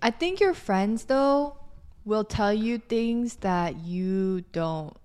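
A woman's voice: medium pitch, animated, takes it slowly, a little mellow, smooth. Young woman giving blunt slangy advice. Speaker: podcast co-host. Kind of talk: casual chat.

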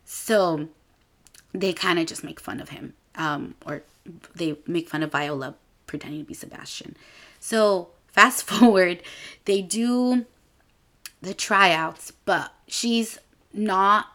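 Chatty young woman, slightly low voice. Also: slow, fairly bright tone. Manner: chatty, with many filler "like"s; acts out characters' lines in a higher voice. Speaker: podcast host. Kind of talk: casual movie recap.

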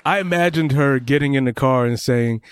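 A man's voice: medium pitch, brisk, smooth, no room sound. A man in casual podcast chat who teases his co-host and laughs along at his stories. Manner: teasing, laughing, asks questions.

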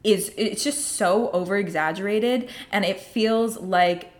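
A woman's voice: mid-range voice, a little slow. A young adult woman co-hosting a podcast, talking casually with plenty of "like" and "you know" fillers. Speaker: podcast co-host.

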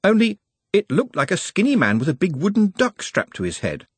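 A man's voice: sits high, wildly swooping pitch, brisk, breathy edge, dry recording, pitched above the performer's own voice, heavily acted. A man voicing a young, eager, politely deferential servant boy in an audiobook. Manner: earnest, cheerfully deferential. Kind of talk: audiobook character voice.

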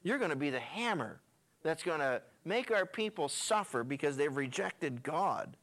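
A male pastor retelling scripture in a folksy, conversational way, full of slangy asides. His voice sits high for a man and swings widely in pitch as he tells the story. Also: very animated, moderate pace, a bit bright. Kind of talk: sermon retelling a Bible passage.

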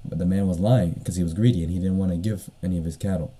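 A man's voice: low voice, fairly even intonation, fast talker, warm tone, husky. A man hosting a solo podcast, retelling a story in a casual, rambling way with lots of fillers and the odd cough. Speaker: podcast host.

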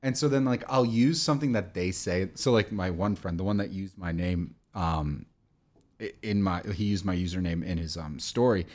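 A man's voice: low-pitched, moderate pace, darkish tone. A young man co-hosting a podcast, chatting casually in a rambling, profane way with lots of restarts and fillers. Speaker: podcast co-host. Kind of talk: casual chat.

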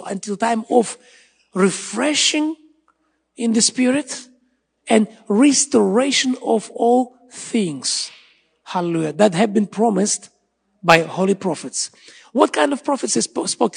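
Man preaching, gravelly and husky. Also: high voice. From Israel. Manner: emphatic, repeats phrases, frequent hallelujahs. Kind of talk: sermon. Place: church hall. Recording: large hall with long reverb and faint music.

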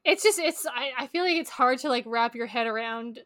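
A woman's voice: a little high, a little fast, fairly bright tone, no echo, clean studio sound. A woman co-hosting a podcast, chatting casually and reacting with short interjections and easy laughs. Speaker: podcast co-host. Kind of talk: casual book-club chat.

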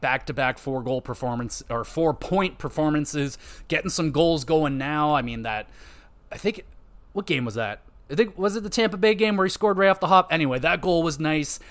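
A man's voice: fairly high pitch, a bit bright. A man hosting a hockey podcast, ranting casually with frequent swearing, fillers and restarts. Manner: frustrated, profane, rambling with fillers. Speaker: podcast host.

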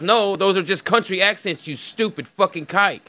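The low-quality, dry recording captures a podcast host with a high, sharp voice speaking at a moderate pace. On his online show he keeps things loose and crude, laughing and using fillers while chatting and reading an article aloud over a call.

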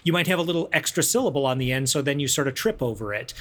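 A man's voice: on the high side, lively intonation, fast, few pauses, a bit bright. A man co-hosting a podcast, explaining ideas patiently in a teacherly, conversational way. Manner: teacherly, breaks verse rhythm down step by step. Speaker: podcast co-host.

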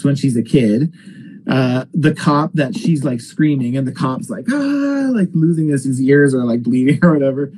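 Podcast co-host, male, dark husky voice, animated rant full of fillers. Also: medium pitch, low-quality recording. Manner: animated, swearing, frequent filler words. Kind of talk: casual movie review rant.

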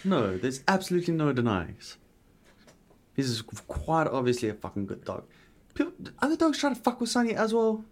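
A man co-hosting a podcast in casual chat, swearing often and agreeing loudly with his friend. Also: on the high side, wildly swooping pitch, moderate pace. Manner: swears often, agrees a lot with "bro, a hundred percent". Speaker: podcast co-host.

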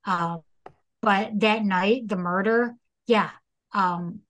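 A woman's voice: mid-range voice, slow pace, long pauses, fairly bright tone, low-quality recording. A woman hosting a casual chat, retelling a case and acting out the people's lines in put-on voices. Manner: acts out quotes with dramatic voices. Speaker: podcast host retelling a case.

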